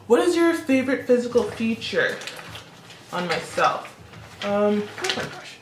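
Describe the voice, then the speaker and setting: A woman's voice: mid-range voice, very animated, a little slow, long pauses, reverberant, background noise. A woman in her twenties, born in Congo and raised in Canada, chatting casually and laughing often as she does her makeup. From born in the Democratic Republic of Congo, raised in Canada. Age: 20s. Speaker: beauty vlogger. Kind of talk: casual chat while doing makeup.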